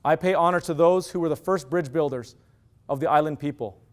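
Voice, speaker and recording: A middle-aged man giving an animated storytelling lecture, acting out quoted dialogue. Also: fairly high pitch, brisk. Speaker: university lecturer.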